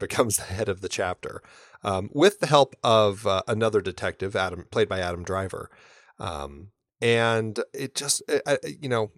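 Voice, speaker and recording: A man's voice: fairly low pitch, no echo, clean studio sound. A man co-hosting a podcast, chatting casually and enthusiastically with plenty of fillers and restarts. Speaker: podcast co-host. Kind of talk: casual chat.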